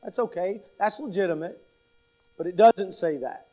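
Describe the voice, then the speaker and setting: A man preaching a sermon, emphatic and deliberate, stressing key words and posing rhetorical questions to the congregation. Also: high voice, warm tone. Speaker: pastor.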